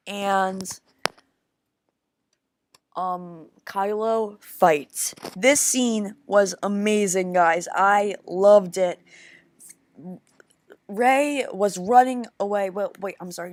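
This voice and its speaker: A woman giving a casual film review, rambling and excitable, with frequent restarts, calling her viewers "guys". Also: medium pitch, no room sound. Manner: rambling, halting with many restarts.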